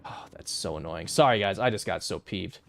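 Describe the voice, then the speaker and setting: A man's voice: deep voice, animated, brisk, vocal fry, a bit bright, faint music behind. A young man streaming a strategy game, casually thinking aloud through his moves and muttering calculations, now and then flaring into exasperated rants. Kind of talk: casual gameplay commentary.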